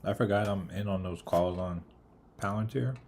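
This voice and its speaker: A livestream trader with a low, gravelly, slightly mellow voice talks at a normal speed through casual live market commentary. He's eating as he goes, his mouth full of food, and greets chat viewers by name.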